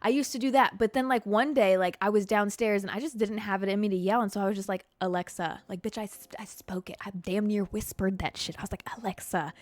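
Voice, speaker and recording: A young woman hosting a casual solo podcast from her couch at home, talking in an animated, expressive way and swearing a lot. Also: medium pitch, quick pace, hardly any pauses, no room sound. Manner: animated and expressive, heavy swearing, frequent "like" fillers. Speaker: podcast host.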